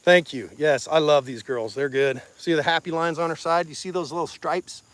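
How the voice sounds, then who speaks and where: Missouri rancher guy livestreaming from the pasture on his phone, folksy and chatty, kinda high voice, dry sound. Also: fairly even intonation, normal speed, fairly bright tone, no echo. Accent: Missouri Ozarks. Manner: folksy, plainspoken, chatty with viewers. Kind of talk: casual outdoor livestream talk. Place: outdoors on a pasture. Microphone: phone on a selfie stick.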